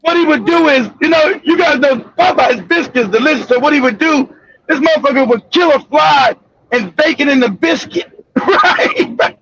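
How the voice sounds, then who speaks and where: A man telling a profane, animated story in a loud, casual way, often laughing. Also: very high voice, normal speed, gravelly. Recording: dull lo-fi recording.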